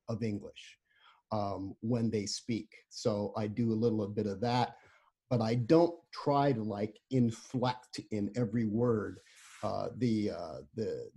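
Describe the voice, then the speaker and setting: A man who writes books, talking casually about writing. His voice is low, dark and mellow with a husky edge, and he speaks haltingly, restarting phrases and filling gaps with ums. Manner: halting, many restarts and fillers. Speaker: author, podcast co-host.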